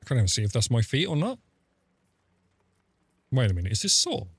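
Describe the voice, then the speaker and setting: A man's voice: medium pitch, huge pitch swings, brisk, breathy edge, no room sound. Sweary man rambling on stream. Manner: rambling, sweary storytelling with frequent fillers. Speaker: game streamer. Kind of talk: casual live-stream chat.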